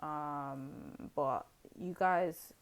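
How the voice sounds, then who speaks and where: A woman with a slightly low voice gives a casual tarot reading straight to her viewers. She talks in a chatty, rambling way, full of fillers and side remarks. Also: extremely slow. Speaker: tarot card reader.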